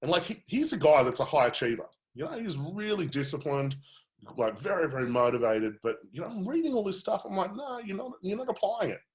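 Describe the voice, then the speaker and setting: A man, a coach telling his personal story in a webinar, candid and animated, with many fillers. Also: fairly high pitch, fairly quick.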